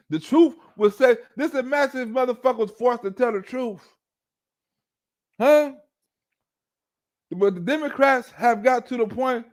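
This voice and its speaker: A man giving a profane, mocking political monologue as a streamer. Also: very high-pitched. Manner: mocking, rants and acts out chants.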